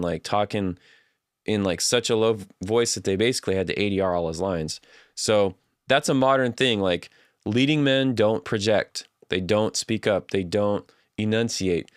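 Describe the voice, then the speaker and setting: A man's voice: on the low side, clear, resonant tone, dry recording, clean studio sound. A man hosting a livestream, chatting casually and reading out viewer comments. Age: adult. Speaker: livestream host.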